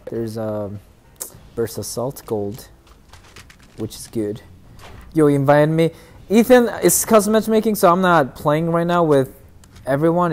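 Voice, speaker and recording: A little hiss or hum runs under this man's mid-range, darkish voice. He's streaming a shooter game, offering casual commentary, talking with viewers and playfully trash talking his opponents.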